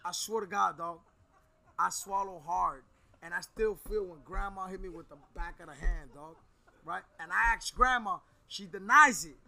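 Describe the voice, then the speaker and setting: New guy in his 30s, gravelly bright voice, slangy and animated, lots of swearing. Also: sits high, moderate pace. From New York. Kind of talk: casual chat, storytelling.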